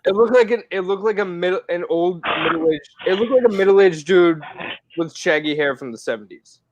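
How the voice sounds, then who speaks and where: A man's voice: high voice, lively intonation, moderate pace, lo-fi sound. A man co-hosting a casual podcast chat, offhand and swearing casually, joining over a remote call. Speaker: podcast co-host.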